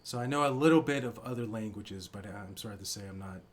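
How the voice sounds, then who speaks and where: A man's voice: fairly low pitch, fast. Hesitant male guest on a live stream. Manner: hesitant, shy, many "uh" fillers. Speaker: guest, math teacher. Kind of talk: casual chat on a live stream.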